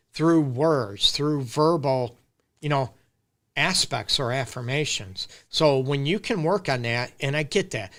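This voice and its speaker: A man's voice: a little high, fairly bright tone. A middle-aged man, hosting a casual live-stream Q&A as a relationship counselor and talking straight to his viewers. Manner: casual, emphatic, addresses viewers directly. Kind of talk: live-stream advice talk.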